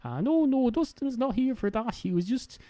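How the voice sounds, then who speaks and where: A man hosts a solo podcast, rambling and self-mocking with many fillers and the odd swear. His pitch swings in a lively way over a mellow, darker tone. The sound is dry and close to the mic. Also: normal speed, dry recording. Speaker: podcast host.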